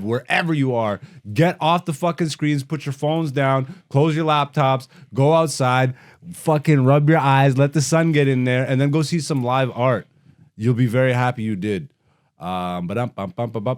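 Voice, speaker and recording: Young comedian-host, slightly high voice, loose and profane, laughing banter. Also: male voice, smooth. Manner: profane, joking, lively banter. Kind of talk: casual podcast chat.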